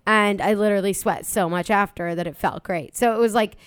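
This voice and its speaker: A woman co-hosting a podcast, chatty and quick to laugh along. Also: mid-range voice, clear, resonant tone, no room sound. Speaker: podcast co-host. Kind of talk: casual chat.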